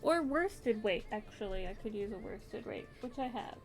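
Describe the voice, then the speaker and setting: A woman's voice: mid-range voice, expressive, normal speed, soft background music. A woman streamer chatting casually with her viewers while crocheting, giggling often and yawning near the end of her stream.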